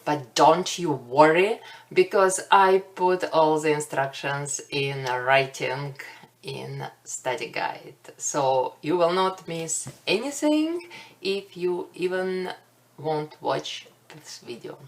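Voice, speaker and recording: A woman's voice: deep voice, slow. A woman with a Russian accent giving a recorded botany lecture, careful and explanatory, with light self-deprecating humor. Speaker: botany instructor.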